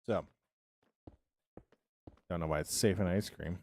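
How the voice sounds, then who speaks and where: A man's voice: low-pitched, steady tone, unhurried, darkish tone, no room sound. A man chatting casually on a live game stream, rambling and answering his viewers' chat as he plays.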